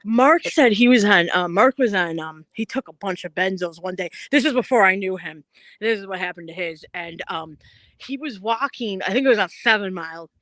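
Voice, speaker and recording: A woman's voice: medium pitch, animated, moderate pace, fairly bright tone, dry recording. A woman guest in a casual conversation, telling stories in a chatty way, laughing often and using lots of fillers.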